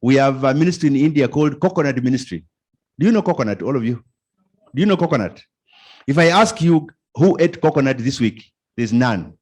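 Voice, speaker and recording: Animated Kenyan man addressing youth. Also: mid-range voice, fairly quick. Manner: animated, asks the audience questions, repeats phrases. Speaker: conference speaker. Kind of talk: informal conference talk.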